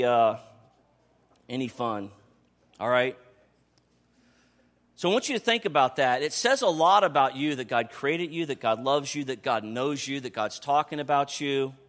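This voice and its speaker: A man in his thirties preaching a sermon in a conversational, animated way, dropping to soft asides and rising to excited calls. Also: on the high side. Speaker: pastor.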